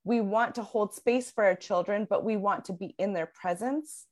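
An earnest woman speaks in a relaxed podcast chat, explaining at length with plenty of "like" and "um" along the way. She talks as a parenting coach, restarting her sentences as she works through her points. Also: mid-range voice, normal speed. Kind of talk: casual podcast conversation.

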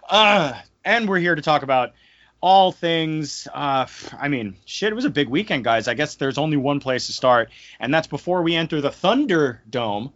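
A man's voice: on the high side, animated, normal speed, a bit bright, no room sound. A man hosting a casual podcast, joking around and slipping into hyped announcer bursts. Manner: jokey, hyping announcer bursts. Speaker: podcast host. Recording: dull lo-fi audio, dry.

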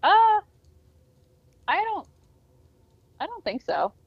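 A woman hosting a podcast, chatting in a relaxed, hesitant way with lots of fillers. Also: sits high, takes it slowly, gravelly. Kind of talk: casual podcast chat. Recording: dull dry lo-fi sound.

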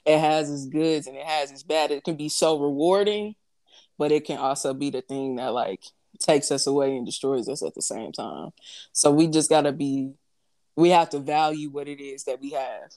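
Low-voiced young woman chatting casually. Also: normal speed. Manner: animated storytelling, frequent fillers. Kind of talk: casual chat.

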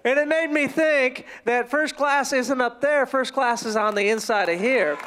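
A male pastor preaching a sermon in a church, telling stories with animated, playful asides. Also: very high voice, unhurried, crowd noise, noisy background. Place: church sanctuary.

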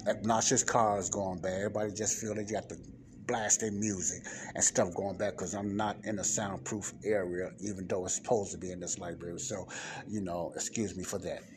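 Lowish guy doing a laid-back bible study, keeps asking okay?, faint bit of noise behind him. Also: flat delivery, fairly quick. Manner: conversational, often checks in with "okay?". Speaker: Bible teacher. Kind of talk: informal scripture teaching. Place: non-soundproof spot in a library.

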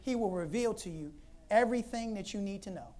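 A woman preacher telling a Bible story in an animated, conversational sermon, laughing often. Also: mid-range voice, fairly quick.

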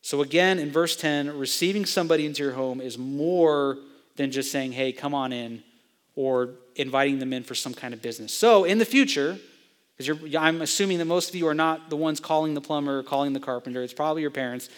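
A man's voice: a little high, fast. Young man preaching in a reverberant hall. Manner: teacherly, asks the audience questions. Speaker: pastor of a student ministry. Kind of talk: expository sermon.

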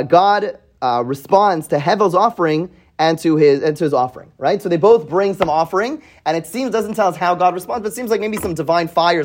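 A Torah teacher with a fairly high voice leads a weekly Bible class for students in a classroom. He reads Hebrew verses and translates them, poses questions, often tacks on "right?", and repeats words as he thinks aloud.

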